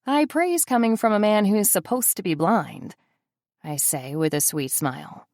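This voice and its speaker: A woman's voice: mid-range voice, a little slow, a little mellow, no echo. A woman narrating a first-person audiobook in a wry, sardonic manner, close to the mic.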